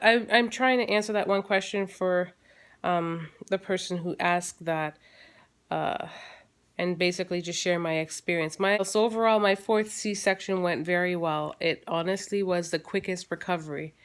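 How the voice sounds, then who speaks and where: A woman's voice: fairly low pitch, fairly even intonation, moderate pace, clear, resonant tone. A woman in her thirties, a mother and vlogger, chatting casually to camera at home with lots of fillers and restarts. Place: at home, holding her baby.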